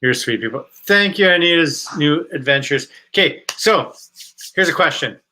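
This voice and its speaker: A man's voice: on the high side, animated, moderate pace, bright, forceful tone. A man co-hosting a casual live chat, easygoing and teasing, reading viewer comments aloud. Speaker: co-host of a camping channel live stream.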